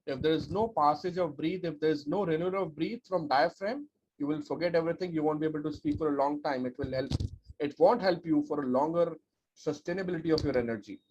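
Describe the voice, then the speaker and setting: A man giving an energetic, emphatic webinar talk as a speech coach, with lots of rhetorical repetition. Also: a little high, fast. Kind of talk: webinar presentation. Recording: dull lo-fi audio with faint noise.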